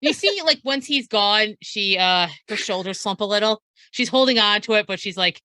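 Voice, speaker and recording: Bright, hesitant woman player. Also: mid-range voice, animated, moderate pace, no echo. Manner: hesitant, lots of fillers and restarts, laughing easily. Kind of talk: in-character tabletop role-play.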